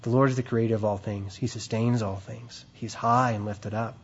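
A man's voice: on the low side, fairly even intonation, normal speed, lo-fi sound, a little hiss or hum. A man preaching a sermon, reading scripture aloud and explaining it in a conversational way with frequent "right?" and "okay?" asides.

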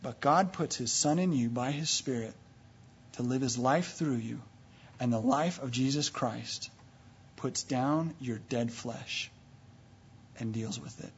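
A man preaching a sermon, emphatic, swinging from low and quiet to loud and high, retelling scripture stories. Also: slow pace, pauses often, a little hiss or hum. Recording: dull lo-fi recording.

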